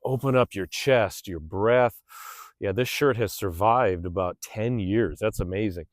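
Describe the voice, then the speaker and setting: A man's voice: on the low side, measured pace, dry recording, poor audio. Upbeat male stretching instructor, dry sound. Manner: upbeat and chatty, sighing with the stretches. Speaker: fitness instructor. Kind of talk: guided stretching class. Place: outdoors under open sky.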